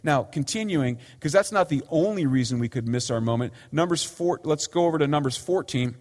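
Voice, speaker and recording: A man's voice: fairly high pitch, expressive, fairly quick, darkish tone. Man preaching in a reverberant hall. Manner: earnest pleading, voice rising and falling with emphasis. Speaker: pastor. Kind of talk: sermon.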